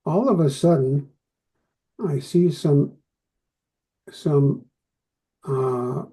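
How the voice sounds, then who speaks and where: A class participant shares his thoughts hesitantly, in a mild way. His voice is slightly raised in pitch, yet it sounds very dark and mellow. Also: drawn-out words, poor audio. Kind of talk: asking questions in class.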